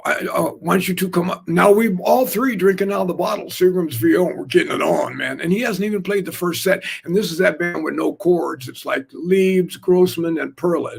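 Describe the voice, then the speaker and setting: A gravelly, husky older man spins jazz stories with a slightly high voice for a man. He rambles and talks with animated energy, dropping in lots of fillers. It sounds like a casual, unscripted chat. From Oakland, California. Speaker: jazz drummer telling stories.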